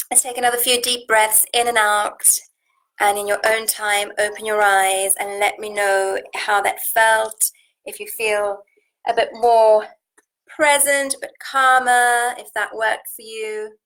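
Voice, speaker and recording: A woman with a slightly husky voice leads a live online session from home. She counts breaths slowly and calmly, then chats easily with her viewers. Her pitch sits in an ordinary middle range for a woman. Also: rough recording. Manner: calm, slow counting, then chatty and warm with viewers. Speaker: nutrition coach hosting a live challenge. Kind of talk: live-streamed coaching chat with guided breathing. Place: indoors at home, seated on a pillow.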